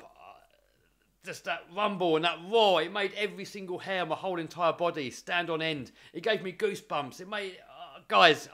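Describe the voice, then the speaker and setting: A young man talks straight to camera in a casual, earnest way, piling up repeated words as his drive builds. His voice sits a little higher than most men's. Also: a bit bright. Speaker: vlogger. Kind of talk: casual motivational storytelling.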